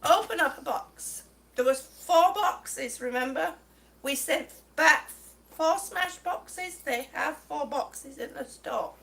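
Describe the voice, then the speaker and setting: A woman's voice: high-pitched, a bit bright. A woman telling an exasperated story to her viewers, stumbling over her words and short of breath. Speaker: vlogger. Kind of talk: ranting story to camera.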